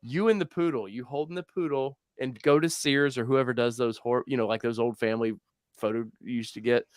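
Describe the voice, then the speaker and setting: A man hosting a casual chat show, laid-back and quick to laugh. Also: mid-range voice, steady tone, no echo, clean studio sound. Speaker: host.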